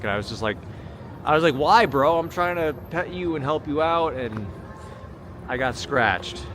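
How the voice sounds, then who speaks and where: An American man livestreaming from a city street at night, chatting casually and reading viewer comments aloud. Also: mid-range voice. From United States. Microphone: small handheld camera mic. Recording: outdoor street noise. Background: city street traffic noise.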